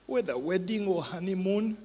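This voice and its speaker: A man's voice: high-pitched, animated, normal speed, warm tone. A man pastor preaching a sermon, laughing often and growing tearful and emotional. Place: church hall. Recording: reverberant hall.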